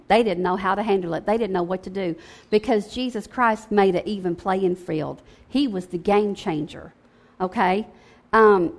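A woman preaching a sermon in a conversational, emphatic way, often checking in with "okay?". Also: mid-range voice.

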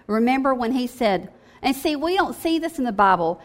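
Female preacher, fairly high voice, informal and emphatic delivery. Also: expressive, normal speed. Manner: conversational, emphatic, keeps asking "okay?". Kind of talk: sermon.

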